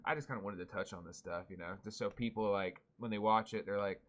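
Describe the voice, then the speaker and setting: A man's voice: on the low side, steady tone, fast. A man co-hosting a podcast, rambling and swearing freely in casual chat. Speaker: podcast co-host.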